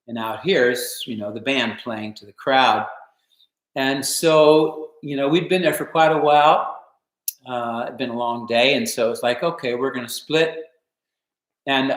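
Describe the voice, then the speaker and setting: Rambling older man in a roomy room. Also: medium pitch. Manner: relaxed, rambling, many fillers and restarts. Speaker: guitarist hosting a live stream. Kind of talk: casual storytelling and viewer Q&A. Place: home. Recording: roomy home live stream.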